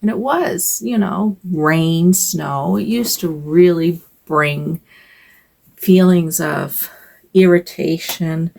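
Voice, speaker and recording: Older woman vlogger, casual home chat, hesitant and rambling, low gravelly voice. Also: slow, a little mellow. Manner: rambling, hesitant, with sighs and fillers.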